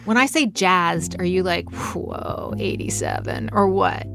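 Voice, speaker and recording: A woman's voice: lowish voice, moderate pace, over music. A woman radio host asking playful, teasing questions. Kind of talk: radio interview and show narration.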